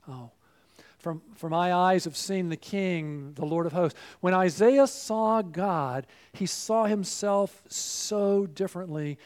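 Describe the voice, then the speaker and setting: A man preaching a sermon, emphatic, moving between loud exclamations and hushed asides. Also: high voice, slow pace.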